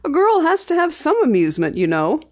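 A woman voicing a mischievous, teasing teenage daughter in a higher, playful voice. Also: huge pitch swings, fairly quick, a little mellow, muffled recording.

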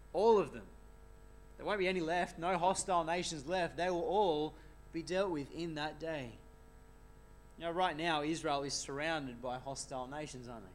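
A man preaching an expository sermon in an earnest way, often asking rhetorical tag questions. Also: on the high side.

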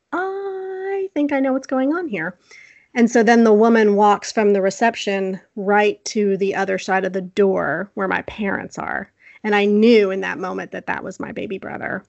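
A woman telling a personal story on a casual podcast, lively, laughing often and acting out the people she quotes. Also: mid-range voice, gravelly, dry recording, dull audio. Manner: animated, laughs often, acts out quoted voices. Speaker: podcast co-host.

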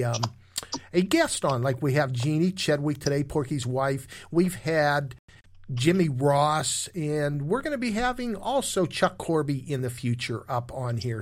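A man hosting an oldies radio show, chatting casually with a guest and plugging the program. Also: a little high.

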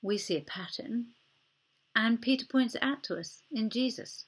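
A woman preacher giving a sermon in an earnest, gentle way, often dropping to a soft near-whisper for emphasis. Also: fairly high pitch, moderate pace, slightly rough.

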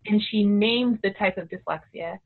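A middle-aged homeschooling mother telling a story in a casual, animated way, acting out the voices of the people she quotes. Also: mid-range voice, normal speed. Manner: animated, acts out quoted dialogue. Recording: tinny phone-like audio.

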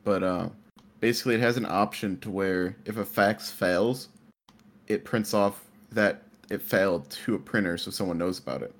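A man with a low-pitched voice tells a rambling workplace story among friends. He leans on fillers and restarts as he goes, keeping it casual. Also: normal speed. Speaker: IT worker. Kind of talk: casual chat.

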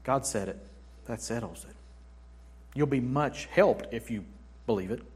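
A male pastor preaching a sermon in a church, swinging between hushed passages and forceful, emphatic declarations. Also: mid-range voice, unhurried, slightly rough.

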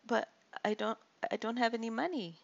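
A woman's voice: fairly high pitch, normal speed, gravelly, lo-fi sound, voice pushed up. A woman voicing a timid young boy who stutters and pleads. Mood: pleading.

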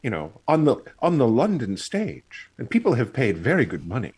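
A man's voice: mid-range voice, wildly swooping pitch, normal speed, a little mellow, slightly rough. A man co-hosting a casual chat on a video call, explaining with many fillers and restarts. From United States. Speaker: podcast co-host.

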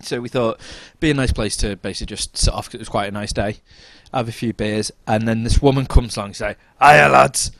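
Animated man telling a pub story. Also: on the low side, fast talker, hardly any pauses, dry recording. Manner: animated, laughs through anecdotes, mimics voices. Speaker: podcast co-host. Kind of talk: casual storytelling chat.

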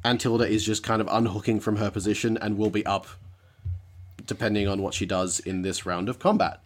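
A man narrating as game master over an online call, with a relaxed, wry and slightly halting delivery. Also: on the low side.

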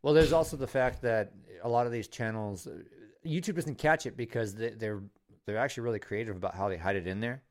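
A man talking in a casual podcast chat, earnest and careful, often stumbling into restarts. His voice sits fairly low. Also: fairly quick. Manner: cautious, earnest, a bit hesitant.

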